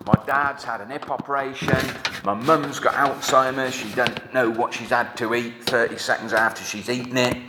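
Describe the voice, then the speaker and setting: A man's voice: medium pitch, steady tone, normal speed. A middle-aged man preaching a sermon, earnest and conversational, with wry asides. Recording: echoey hall with faint noise.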